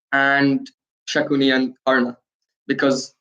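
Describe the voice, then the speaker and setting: A man, a spiritual teacher, giving an animated storytelling talk, acting out dialogue between frequent fillers. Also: on the high side, moderate pace. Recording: echoey room.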